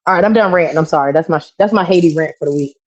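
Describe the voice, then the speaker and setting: A woman's voice: low-pitched, racing. A woman co-hosting a podcast, ranting in casual, profane slang. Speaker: podcast co-host. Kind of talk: casual political chat. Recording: dull lo-fi stream audio.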